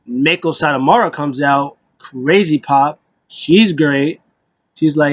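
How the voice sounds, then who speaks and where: A man with a slightly high voice recaps a wrestling show in a loose, rambling way. He stumbles through fillers and drops into quick paraphrased lines for the wrestlers. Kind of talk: casual recap.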